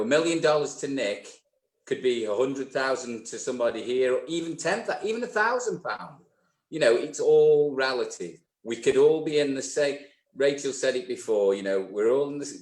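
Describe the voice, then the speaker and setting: A man's voice: medium pitch, a little mellow. Reflective man in an echoey room. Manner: reflective, stammering restarts. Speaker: co-host. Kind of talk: casual live show chat.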